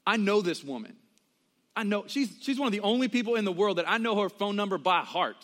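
High-voiced young man preaching a sermon. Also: lively intonation, a bit bright. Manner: conversational preaching with quick asides and acted quotes. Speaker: pastor.

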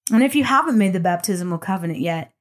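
Earnest woman telling a faith story. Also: medium pitch. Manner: earnest, expressive storytelling with slow emphatic pauses. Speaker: speaker giving a devotional talk. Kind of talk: storytelling devotional talk.

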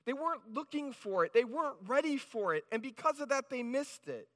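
High, bright-voiced man preaching in a hall. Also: big pitch swings, a little fast. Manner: conversational, with frequent restarts and "right?" asides. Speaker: pastor. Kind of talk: sermon. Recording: reverberant hall.

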